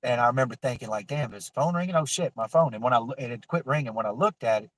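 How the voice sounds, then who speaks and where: A man, telling a raw, emotional personal story with cursing and halting restarts. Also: medium pitch, fairly bright tone, no echo, low-quality recording. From Florida Panhandle.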